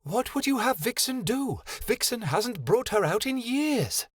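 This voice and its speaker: A man's voice: very high-pitched, big pitch swings, unhurried, slightly rough, no room sound, studio quality, pitched above the performer's own voice, heavily acted. A man voicing a small, fierce female fairy warrior who speaks of herself in the third person, in an audiobook. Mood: tense.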